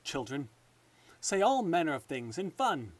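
A man voicing a pampered, naive king who speaks in excitable exclamations. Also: on the high side, a little slow. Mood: indignant.

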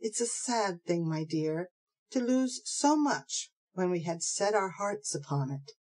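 A woman's voice: fairly low pitch, expressive, unhurried, a little mellow. A woman voicing a scheming old male fence who fawns and keeps saying "my dear", in a storybook reading. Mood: eager. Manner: fawning, calls everyone "my dear".

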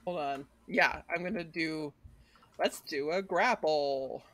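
Game master, tabletop narration, slow, laughs a lot, bright voice. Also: mid-range voice.

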